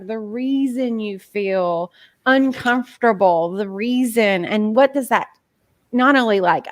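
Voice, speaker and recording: A woman's voice: mid-range voice, animated, slow pace, dry recording. A woman talking casually on a podcast as a guest coach, chatty and full of filler words. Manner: chatty, many "like" fillers, acts out inner voices.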